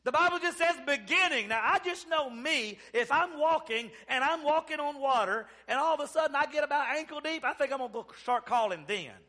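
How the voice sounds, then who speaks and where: A male pastor delivers a church sermon in a strikingly high, bright, forceful voice. He peppers his preaching with amens and moves between hushed lines and loud, ringing ones. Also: animated, brisk, hardly any pauses. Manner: preaching with call-and-response amens, swinging from soft to loud.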